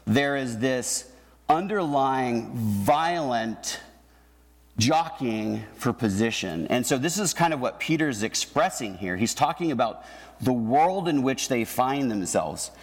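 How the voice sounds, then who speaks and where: A man's voice: medium pitch, lively intonation, takes it slowly. Male pastor, casual sermon delivery, tag questions, church hall reverb. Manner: conversational, keeps asking "right?".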